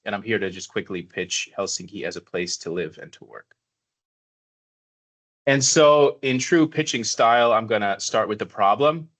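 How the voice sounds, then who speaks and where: An American man with a fairly low voice pitches in an online session. He keeps it casual and upbeat, with a light joking touch. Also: lively intonation, moderate pace, a bit bright. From United States. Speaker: city presenter. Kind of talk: presentation pitch.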